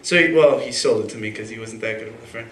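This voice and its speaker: A young man's medium-pitched voice moves fast as he tells a personal story on stage at a story slam in front of an audience. He rambles casually with lots of fillers and restarts, and there's background noise in the echoey, faintly ambient room.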